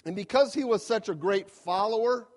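Man, pastor, sermon, fairly high voice, emphatic repetition, middle-aged. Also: moderate pace.

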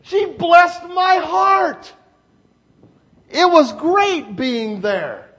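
High-voiced man preaching emphatically. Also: expressive, very slow. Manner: emphatic preaching with repeated phrases; swings from loud exclamations to hushed, low asides. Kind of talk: sermon.

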